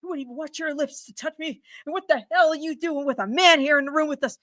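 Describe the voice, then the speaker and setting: A woman's voice: high voice, fast, fairly bright tone, dry recording. A woman voicing an angry, frustrated middle-aged male customer who rants and stammers in indignation. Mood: ranting. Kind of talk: storytelling role-play.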